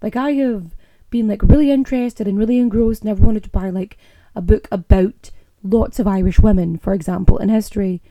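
A woman's voice: medium pitch, steady tone, fairly quick, mellow, dry recording. A young woman with a Scottish accent, hosting a podcast in a casual, opinionated monologue and rolling her R's. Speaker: podcast host.

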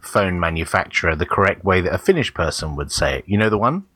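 Husky low-voiced man, teasing. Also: expressive, quick pace, sharp tone, no echo. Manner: dry, teasing. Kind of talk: casual podcast chat.

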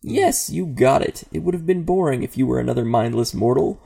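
A man's voice: mid-range voice, animated, fairly quick, gravelly, dark tone, husky. A man voicing an amused female sphinx who poses riddles in a theatrical, sing-song way.

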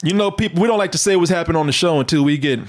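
A man's voice: on the high side, rapid-fire. A man hosting a stream, joking around in casual chat and laughing often. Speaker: stream host.

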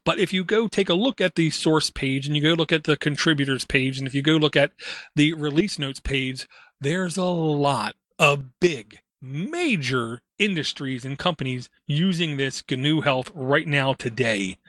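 A man in a somewhat high register hosts a casual tech podcast. He talks in an opinionated, rambling way, full of asides. The sound is dry and close, with no room around it. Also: a bit bright, no echo. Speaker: podcast host. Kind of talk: casual tech news chat.

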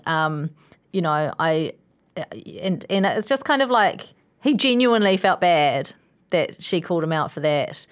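A woman co-hosting a casual podcast recap, rambling and restarting her sentences, dropping lower for asides. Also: lively intonation, moderate pace, clean tone. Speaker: podcast co-host.

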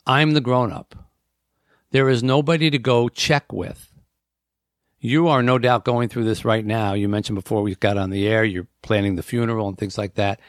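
A man's voice: fairly low pitch, steady tone, normal speed, no room sound, clean studio sound. A man hosting a talk show on air, speaking earnestly and acting out inner voices as he lists points. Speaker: radio talk show host.

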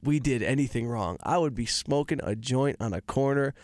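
A man from Detroit in relaxed, slangy casual chat. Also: mid-range voice, moderate pace, no room sound, studio quality. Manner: laid-back, slangy. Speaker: podcast co-host.

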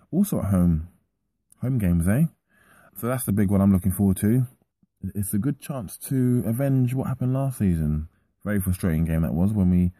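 Guy opening a football podcast, low mellow voice, kinda husky, chatty and upbeat. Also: dry recording. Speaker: podcast host introducing the show. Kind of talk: solo show introduction.

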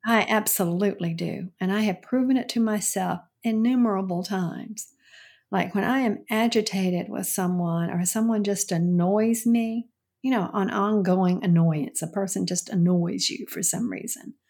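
A woman with a husky voice co-hosts a casual podcast. She speaks calmly and steadily and backs up her partner with many soft murmurs of agreement. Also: medium pitch, moderate pace. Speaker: podcast co-host.

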